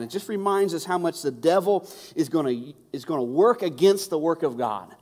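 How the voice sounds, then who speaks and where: High-voiced pastor preaching in a reverberant hall. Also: male voice, expressive, normal speed, few pauses, a little mellow. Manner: conversational, repeats words when emphasizing. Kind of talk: sermon.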